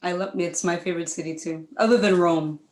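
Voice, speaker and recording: Lively woman guest on a video call. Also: on the low side, echoey room, low-quality recording. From Dominica. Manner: lively, quick, laughs easily. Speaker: guest singer and poet. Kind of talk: casual video call chat.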